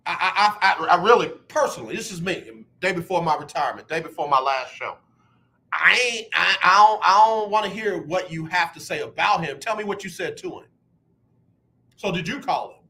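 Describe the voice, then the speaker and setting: Radio host, man in his sixties, high bright voice, emphatic and heated sports talk. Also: animated, brisk, creaky. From United States. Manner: emphatic, repeats words when fired up.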